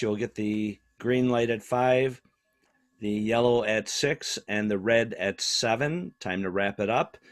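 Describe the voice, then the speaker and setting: A man's voice: mid-range voice, no room sound, clean studio sound. A man serving as meeting timer, listing the time limits in a methodical, matter-of-fact way over a video call. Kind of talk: explaining timing rules.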